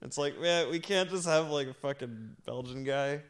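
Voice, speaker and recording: A man's voice: a little high, normal speed. A man co-hosting a movie podcast, tossing in jokey asides and gamer slang. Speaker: podcast co-host. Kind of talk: casual movie review chat.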